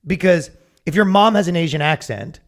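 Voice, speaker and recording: A man's voice: fairly high pitch, brisk. A man co-hosting a comedy podcast, chatting casually, rambling with restarts, swearing and acting out quotes. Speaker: podcast co-host.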